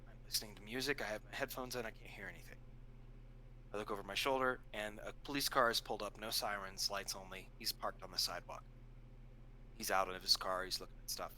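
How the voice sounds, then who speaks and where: A young man casually telling a long story on a live stream, animated and acting out what people said. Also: poor audio. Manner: animated, acts out quoted voices with sudden pitch jumps. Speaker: stream co-host.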